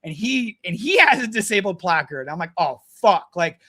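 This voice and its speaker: A man talking as a podcast guest, telling stories in a blunt, animated way with plenty of swearing. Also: high-pitched, moderate pace. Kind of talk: casual storytelling chat.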